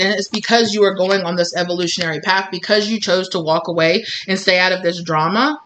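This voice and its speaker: A woman's voice: medium pitch, a bit bright. Rambling woman reading tarot. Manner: rambling, many fillers like "like" and "you know". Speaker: tarot reader. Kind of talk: casual tarot reading to viewers.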